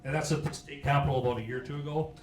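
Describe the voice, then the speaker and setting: A man's voice: fairly high pitch, steady tone. Folksy middle-aged man in a roomy hall. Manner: folksy, joking, halting with fillers. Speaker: county sheriff giving a history talk. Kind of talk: informal public talk. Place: meeting hall. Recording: roomy hall with faint hiss.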